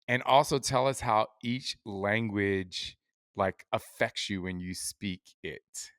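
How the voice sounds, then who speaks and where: A man's voice: fairly low pitch, slow, a bit bright, smooth, dry recording, clean studio sound. A man hosting a podcast, asking a guest encouraging questions in a casual way. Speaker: podcast host.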